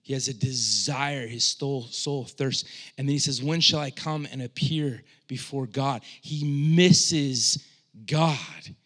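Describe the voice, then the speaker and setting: A man preaching a sermon as pastor, speaking conversationally with frequent restarts and swinging from hushed, low passages to loud, impassioned cries. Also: fairly even intonation, a little slow, husky.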